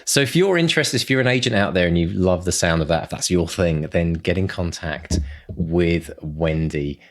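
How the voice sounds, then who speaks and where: Very deep-voiced enthusiastic podcast host. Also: male voice, normal speed. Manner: enthusiastic, repeats "brilliant stuff". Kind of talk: casual podcast hosting.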